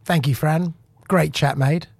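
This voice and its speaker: A man's voice: a little high, fairly even intonation, unhurried, creaky, breathy edge, no echo, studio quality. A man hosting a radio interview, giving short, friendly replies. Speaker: radio host.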